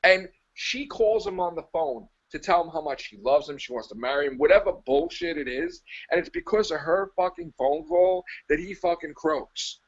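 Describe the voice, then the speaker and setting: High, animated, gravelly ranting man. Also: normal speed, few pauses, dull audio. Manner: profane, exasperated, mocking. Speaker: podcast co-host. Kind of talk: ranting casual chat.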